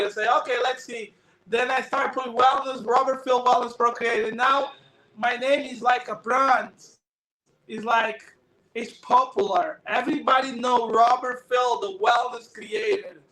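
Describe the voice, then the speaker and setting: High bright-voiced man in earnest broken English. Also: measured pace, poor audio. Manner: non-native English, earnest and emphatic. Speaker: guest. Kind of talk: casual interview over a call. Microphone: phone.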